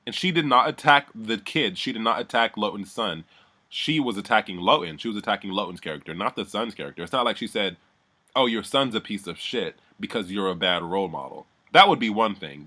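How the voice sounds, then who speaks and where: A man's voice: lowish voice, pushed and bright. A man giving a heated, profane recap of a reality show, talking animatedly and mimicking the people he describes. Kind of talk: heated casual recap rant.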